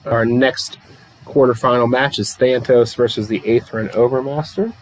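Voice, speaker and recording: A man's voice: mid-range voice, fairly even intonation, moderate pace, slight background noise, low-quality recording. Guy streaming a wrestling card game, chuckles a lot, mid-range voice, chats with viewers. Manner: chatty, laughs often, self-deprecating. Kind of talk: casual livestream play-by-play and chat reading.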